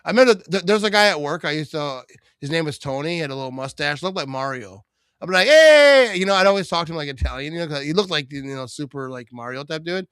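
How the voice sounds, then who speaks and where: A man hosts a live stream of a football game, rambling, cracking jokes and shouting out viewers by name. His voice is fairly high and sharp. He is close to a dry mic with no room sound. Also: fast, smooth, no room sound. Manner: rambling, joking, reads viewer comments aloud; bursts into excited play-by-play on big plays. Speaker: host of a live game watch party. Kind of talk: casual live-stream commentary and chat.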